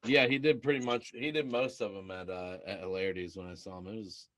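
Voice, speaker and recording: Low-voiced, easygoing podcast man. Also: steady tone, brisk, a bit bright, dry recording. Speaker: podcast co-host. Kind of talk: casual chat.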